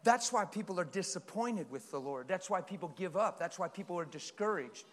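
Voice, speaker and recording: A man preaching a sermon in a passionate, animated way, with sudden loud bursts. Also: sits high, a little fast, in a large hall.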